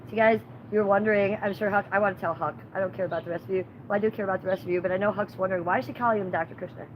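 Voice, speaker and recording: A woman's voice: medium pitch, fairly even intonation, rapid-fire, lo-fi sound, a little hiss or hum. A woman hosting her own livestream, rambling through profane, gossipy stories in casual chat. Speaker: livestream host.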